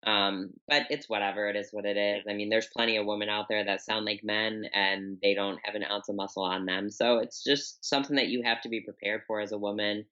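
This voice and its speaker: Young woman guest, unusually deep voice, forceful tone, candid and rambling, dull lo-fi audio. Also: steady tone, fairly quick, few pauses. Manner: open, candid, rambling with many fillers. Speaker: podcast guest, bodybuilder. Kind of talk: casual interview talk.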